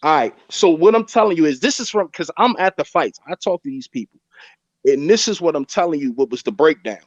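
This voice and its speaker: Animated and fairly quick, this man's fairly high voice comes through dull lo-fi call audio with no room sound. He's a boxing podcast panelist on a video call, locked in a heated casual debate and repeating his points insistently.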